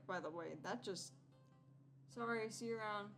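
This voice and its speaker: A woman playing through a game, reading its text aloud and reacting to it in an animated way. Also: medium pitch, moderate pace, soft background music. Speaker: gameplay streamer.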